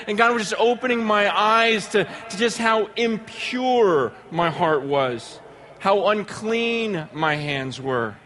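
Impassioned, high-voiced male preacher. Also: expressive. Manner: earnest, halting, repeats words, swings from hushed to shouting. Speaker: conference speaker. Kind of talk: impassioned sermon.

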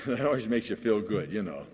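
A man who is a pastor, preaching a sermon to other pastors in a lively storytelling way, with frequent restarts. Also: lowish voice, moderate pace. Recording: long hall reverb.

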